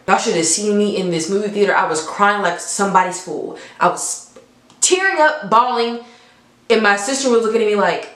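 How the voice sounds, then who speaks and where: A young adult woman reviewing a film in a casual, animated storytelling way, often laughing between points. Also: medium pitch, normal speed. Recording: echoey room.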